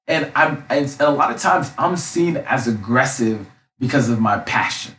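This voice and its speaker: A young man who coaches, talking loudly and passionately in a casual monologue, often tagging his sentences with a question. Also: mid-range voice, lively intonation, normal speed. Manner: loud and passionate; frequent tag questions. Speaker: life coach. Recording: roomy, mic at a distance.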